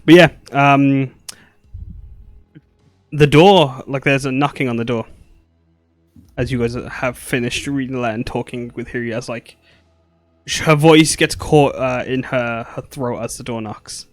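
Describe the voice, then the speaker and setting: A man's voice: mid-range voice, steady tone, measured pace, pauses often, dry recording, faint music behind. A man running a tabletop game as game master, narrating loosely with lots of fillers and restarts.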